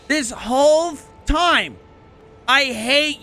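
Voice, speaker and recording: A young man streaming a video game, panicking, shouting and swearing at his chat as he plays. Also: very high voice, animated, slow. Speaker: gaming streamer. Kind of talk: live gameplay commentary.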